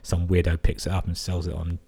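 A man's voice: low-pitched, completely flat delivery, a little fast, gravelly, warm tone, breathy edge. A man hosting a podcast, reading out listener emails and breaking in with crude, amused asides. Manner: crude, sweary, amused interjections. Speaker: podcast host.

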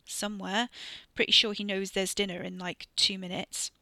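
A woman's voice: mid-range voice, flat delivery, moderate pace, creaky, pushed and bright, dry recording. A woman voicing a blunt, wary young woman.

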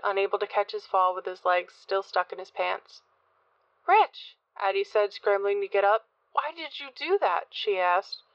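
Woman narrator for horror audiobook, measured and dark, dry close read, slightly lo-fi. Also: medium pitch, no echo.

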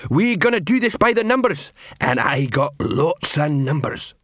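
A pompous, slow-witted troll sergeant barks orders at his recruits, as a male audiobook narrator puts him on. The voice jumps high and loud, full of swollen pride, in a dry, close recording. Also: big pitch swings, no echo. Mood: pompous bellowing. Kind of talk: audiobook character voice.

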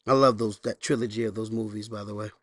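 A man's voice: lowish voice, steady tone, fast. A male pastor preaching a sermon emphatically, with folksy asides and rhetorical questions.

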